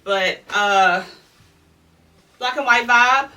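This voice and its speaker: Far from the mic, a woman draws out her words in a slightly high, pushed, bright voice. She's a chatty fashion vlogger from Louisiana, winded during a casual clothing try-on haul and speaking directly to viewers as "y'all."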